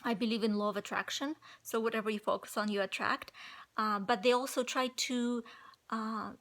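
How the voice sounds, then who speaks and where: A woman with a fairly high, slightly nasal voice and a non-native English accent talks to her viewers about staying positive. She rambles casually, restarting phrases and leaning on fillers as she goes. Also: fairly even intonation, moderate pace, fairly bright tone. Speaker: vlogger. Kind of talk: casual motivational talk to camera.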